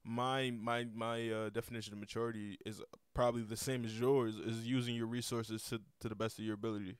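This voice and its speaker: Young guy podcast host, smooth voice, rambles and repeats himself, swears a lot, dry close mic. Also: medium pitch, flat delivery, fairly quick, no echo. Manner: rambling, repeats words, curses freely. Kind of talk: casual podcast chat.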